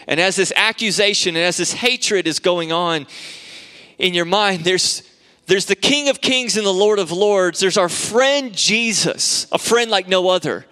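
A man's voice: high voice, unhurried, sharp tone, clean tone. A man preaching a sermon as a pastor, earnest and repetitive, building to fervent prayer. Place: church sanctuary. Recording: long hall reverb in a church.

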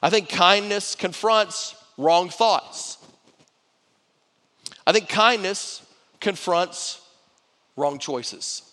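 Bright-voiced man preaching in a reverberant hall. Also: high voice, extremely slow, long pauses. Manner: repeats himself and restarts while preaching, conversational. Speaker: pastor. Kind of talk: sermon.

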